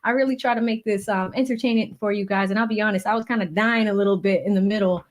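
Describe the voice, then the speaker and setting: A woman's voice: medium pitch, fairly even intonation, fast talker. Chatty woman livestream host. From Boston area, USA. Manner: chatty and effusive, with many thank-yous and shout-outs. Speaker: livestream host of a legal commentary channel. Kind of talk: casual livestream chat, reading viewer donations.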